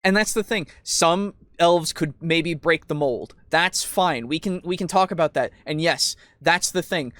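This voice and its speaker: A man co-hosting a casual podcast chat, excitable, swearing freely and laughing often. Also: on the high side, a little slow, few pauses, no echo. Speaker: podcast co-host.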